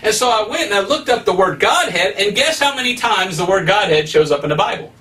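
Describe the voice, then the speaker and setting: A man's voice: sits high, expressive, a little fast, sharp tone, far from the mic. A man preaching as an evangelist, teaching Scripture with emphatic, rising stresses. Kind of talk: preaching Bible study.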